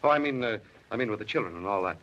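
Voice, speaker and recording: An actor playing a busy, flirtatious male government official in a 1930s film, talking fast and joking. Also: on the low side, expressive, fairly bright tone. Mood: brisk. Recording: dull old 1930s film soundtrack.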